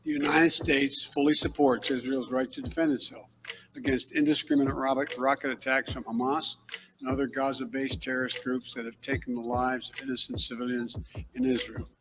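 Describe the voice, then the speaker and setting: A man delivering a formal prepared statement as a politician, forceful and emphatic, with repeated words for stress. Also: mid-range voice, flat delivery, fairly quick, background noise.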